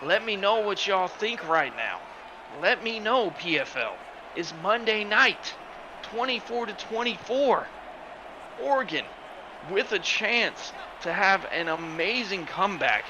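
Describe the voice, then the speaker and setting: An excitable man with a slightly high voice calls simulated football play-by-play. He breaks into shouts on big plays, pushing his home mic into distortion. A loud stadium crowd and steady noise sit under his voice. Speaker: play-by-play commentator. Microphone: home microphone that distorts when he yells. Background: stadium crowd sound from the game.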